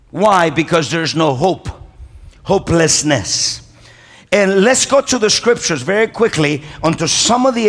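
A man's voice: on the high side, a bit bright. A man preaching a sermon as pastor, emphatic, repeating key lines and calling for amens. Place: large church hall. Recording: long reverb of a church hall.

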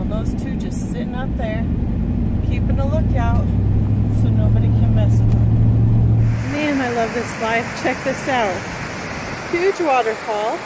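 A woman from Arizona narrating her RV travel vlog in a casual, enthusiastic, chatty way, talking straight to her viewers. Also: a little high. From Arizona, USA. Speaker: RV travel vlogger. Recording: loud vehicle and outdoor noise behind voice.

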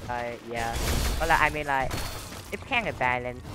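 A man's voice: medium pitch, normal speed, over music. A young man giving casual gameplay commentary, rambling with lots of fillers, taunting opponents and yelping when hit. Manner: rambling, filler-heavy trash talk with sudden yelps. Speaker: gamer.

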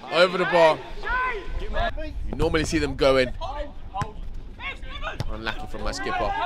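A young man giving excitable, partisan commentary on his club's match outdoors. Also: medium pitch. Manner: excitable, partisan, casual slang. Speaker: club commentator. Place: outdoors at a football pitch. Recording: loud crowd around the mic. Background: crowd noise.

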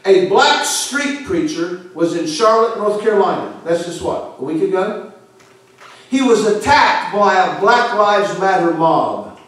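A fiery male pastor preaches in a fairly high voice, leaning hard into some words and sinking low on others. The room rings with heavy echo, and he sounds set back from the microphone. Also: animated, measured pace. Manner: emphatic, forceful preaching with sudden drops in volume. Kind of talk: fiery sermon. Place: church sanctuary. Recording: echoey church hall from far off.

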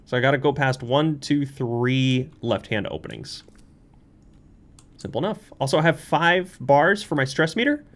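A man's voice: medium pitch, animated, normal speed, a bit bright. A young man playing a horror game on his channel, muttering nervously to himself and breaking into squeals and laughs. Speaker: let's play streamer. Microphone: studio microphone.

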